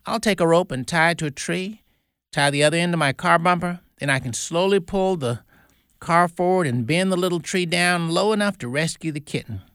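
A man's voice: on the high side, a little fast, a bit bright, smooth, no echo, clean studio sound, voice pushed up. A man voicing a retired older pastor who is pleased with his own idea. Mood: self-pleased. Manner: pleased with himself.

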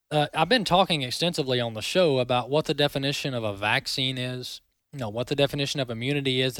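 A man's voice: medium pitch, a bit bright, dry recording. A male talk show host giving opinionated commentary in an emphatic, indignant manner.

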